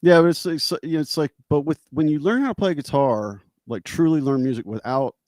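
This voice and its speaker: Animated male guitarist telling stories. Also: fairly high pitch, fairly quick, no room sound, clean studio sound. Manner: animated, laughing often, acting out voices in stories. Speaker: guest guitarist. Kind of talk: casual storytelling chat.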